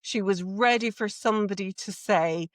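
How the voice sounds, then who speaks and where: A middle-aged Irish woman chatting as a podcast guest, telling stories with lively acted-out dialogue. Her voice sits at an ordinary pitch and is recorded dry and close, with no room sound. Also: moderate pace, no room sound. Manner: animated storyteller, acts out quoted dialogue. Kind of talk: casual chat.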